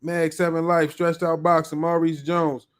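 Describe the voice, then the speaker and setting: The voice is a man's, set slightly high, hosting a live podcast stream. He keeps it casual and upbeat, full of slang as he runs through shout-outs to viewers one by one. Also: little pitch movement, clear, resonant tone. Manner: upbeat, slangy, rapidly greeting viewers by name. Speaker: podcast host.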